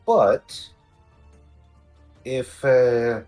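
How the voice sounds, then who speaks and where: A man playing a tabletop game, describing his character's actions in a halting, filler-heavy way. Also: medium pitch, darkish tone, faint music behind. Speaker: player.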